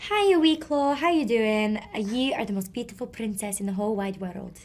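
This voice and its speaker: A woman's voice: fairly high pitch, moderate pace, a little mellow, lightly acted. A woman imitating her affectionate young Scottish boyfriend, sweet-talking in a fond, sing-song voice with a Scottish accent. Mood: doting.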